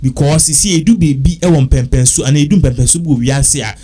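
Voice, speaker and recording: A man's voice: a little high, moderate pace, warm tone. A man with a Ghanaian accent, talking casually and repetitively, working through figures aloud. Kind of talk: casual talk mixing English and Twi.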